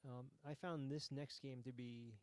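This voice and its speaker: A man hosting a game jam, giving relaxed, hesitant commentary with frequent ums while playing a game. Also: mid-range voice, moderate pace, smooth, dry recording.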